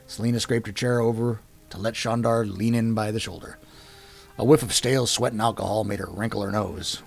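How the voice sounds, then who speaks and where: A man reading fiction aloud with steady, measured narration. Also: fairly low pitch, creaky, slightly rough. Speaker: storyteller.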